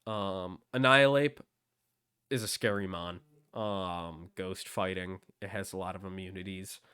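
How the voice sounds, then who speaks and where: A man in casual conversation with a low, smooth voice. He hesitates often, filling gaps with ums as he thinks aloud. The sound is close and dry. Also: fairly even intonation, unhurried, sharp tone, no echo. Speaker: host. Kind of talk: casual discussion.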